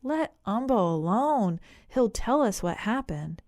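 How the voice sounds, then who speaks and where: Woman reader playing a calm, stern male lion for a storybook; rumbly, dry close sound. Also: slow, no echo, exaggerated voice. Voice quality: deep rumbly put-on.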